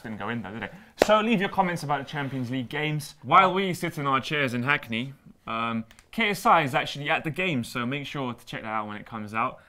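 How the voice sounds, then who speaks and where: A young man, co-hosting a football chat show in a quick, playful, teasing way. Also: medium pitch, lively intonation, sharp tone, slight background noise. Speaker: co-host. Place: indoor studio seated on chairs.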